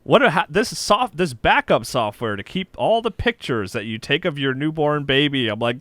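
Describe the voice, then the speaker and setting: A man's voice: fairly high pitch, animated, moderate pace, few pauses, a bit bright, dry recording. A man who is a father, chatting candidly and sentimentally on a podcast. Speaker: podcast co-host. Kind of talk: casual chat.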